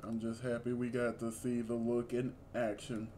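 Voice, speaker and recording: A man co-hosting a casual review chat, animated and exclamatory, with sassy asides. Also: medium pitch, normal speed, a little hiss or hum. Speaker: co-host reviewing a reality show.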